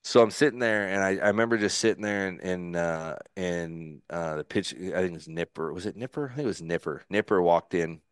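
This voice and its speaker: Low-voiced man telling a lively story. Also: a little fast, few pauses, smooth, no echo, clean studio sound. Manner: animated, acts out his own thoughts in quotes, frequent restarts. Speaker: podcast guest, former pitcher. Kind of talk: casual storytelling.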